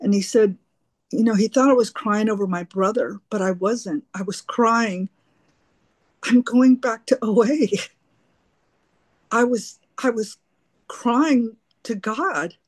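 A woman sharing her recovery story at a twelve-step meeting, halting and earnest, often repeating her words. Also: medium pitch, no room sound. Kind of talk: personal recovery share.

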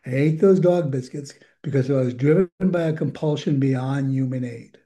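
A man's voice: medium pitch, normal speed, mellow. An older man giving a candid, rambling recovery share, chuckling often as he talks. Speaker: recovery program speaker.

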